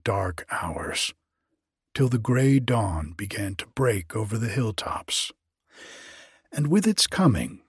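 Slow, husky male storyteller. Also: lowish voice, dry recording, studio quality. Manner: slow, measured, old-fashioned phrasing. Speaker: narrator. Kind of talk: storybook reading.

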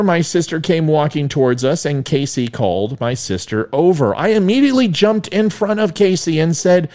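A man's voice: mid-range voice, darkish tone. A middle-aged man hosting his own podcast, telling a story in a solo monologue with wry, joking asides. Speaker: podcast host.

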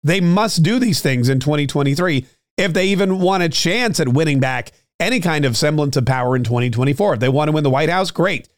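A man hosting a solo political commentary show, talking straight to his listeners with many fillers and restarts, his throat a little rough. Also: a little high, expressive, brisk, no echo, studio quality. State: clearing his throat, slightly choked up. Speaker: political podcast host.

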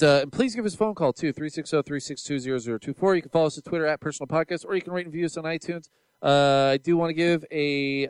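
A man's voice: medium pitch, smooth, no room sound. A man co-hosting a podcast, chatting enthusiastically and rambling with plenty of fillers and restarts. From Seattle area. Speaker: podcast co-host. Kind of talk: casual podcast chat.

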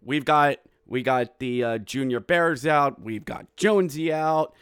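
A man hosting a hockey podcast, recapping a game with animated play-by-play and bursts of yelling. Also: mid-range voice, a little slow, clean tone, no room sound, clean studio sound. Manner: animated, yells play-by-play with goal calls. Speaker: podcast host.

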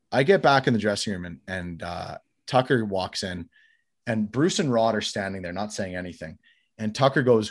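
A man telling a long story in casual podcast chat, getting loud and sweary as he relives his anger. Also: mid-range voice. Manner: animated, swears freely, gets louder recounting anger.

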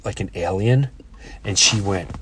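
A man's voice: lowish voice, a bit bright, slight background noise. Middle-aged man telling stories casually. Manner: storytelling, halting restarts. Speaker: podcast host. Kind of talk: casual chat.

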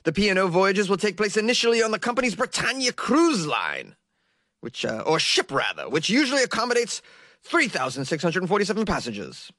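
A man playing a stiff, self-important British newsreader, over-enunciating every word. His voice sits a little high and leaps about in pitch. It is recorded close and dry. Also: wildly swooping pitch, brisk, fairly bright tone, dry recording, heavily acted. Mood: mock formal.

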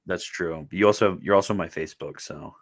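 A man's voice: low-pitched, fairly quick. A man hosting a casual stream chat, rambling and often breaking off mid-sentence. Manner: rambling, self-interrupting. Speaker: stream host.

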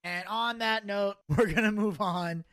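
A man's voice: high voice, measured pace, fairly bright tone, no echo. A man hosting a podcast, opinionated and profane as he recaps the show in casual chat, often laughing. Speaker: podcast host.

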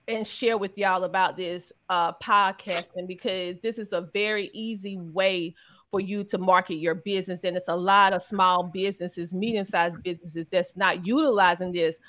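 A woman from South Carolina, giving an energetic, preachy, joking promotional pitch in a podcast chat. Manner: energetic, preachy, jokey with big swings. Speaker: podcaster and event speaker.

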